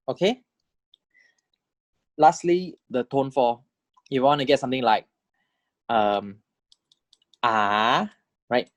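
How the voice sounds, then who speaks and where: A man giving a lecture on tones, explaining step by step, checking in with the class and saying sample syllables aloud in swooping pitches. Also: unhurried, long pauses, no room sound. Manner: explanatory, checks in with "right?" and "correct?". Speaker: language teacher.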